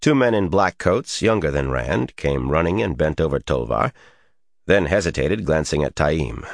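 A man narrating a fantasy audiobook with expressive storytelling. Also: extremely low pitch, moderate pace, creaky, dry recording, studio quality.

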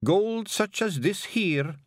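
A man voicing a ragged, scarecrow-like creature who speaks slowly and drawls with a rough "ach". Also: sits high, lively intonation, no room sound, clean studio sound, pitched above the performer's own voice. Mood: wheedling. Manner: slow, drawn-out speech with a rough "ach".

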